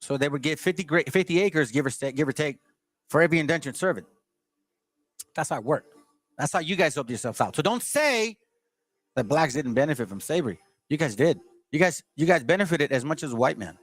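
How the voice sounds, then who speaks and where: A man's voice: on the high side, expressive, fairly quick. A man hosting his channel, reading aloud from a history book and stopping to argue with his audience in a combative, lecturing way. He stumbles and restarts as he reads. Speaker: channel host.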